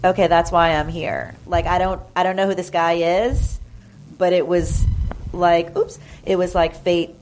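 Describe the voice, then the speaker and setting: A woman's voice: fairly low pitch, fairly even intonation, a little slow, darkish tone, a little hiss or hum. A woman guest on a podcast, chatting casually and gushing as she tells stories, acting out the voices of the people in them. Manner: chatty, gushing, full of fillers and acted-out quotes. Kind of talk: casual storytelling chat. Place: podcast studio.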